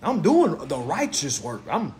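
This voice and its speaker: Man, live-stream lecture, high voice, very animated, preachy, blunt, swears a lot, repeats himself. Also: unhurried. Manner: preachy, repeats phrases for emphasis; blunt and profane.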